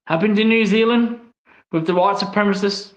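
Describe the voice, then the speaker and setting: An online commentator with an Australian accent delivers a blunt, angry opinion monologue, swearing often. His voice is high-pitched and his speed is normal, captured in an echoey, slightly dull room.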